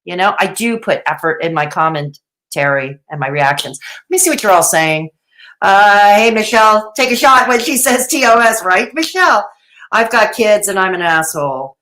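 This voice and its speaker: A woman's voice: medium pitch, lively intonation, moderate pace, a bit bright. A woman hosting a live commentary stream, reading chat aloud in a sarcastic, chatty way and laughing often. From Canada. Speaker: commentary livestream host.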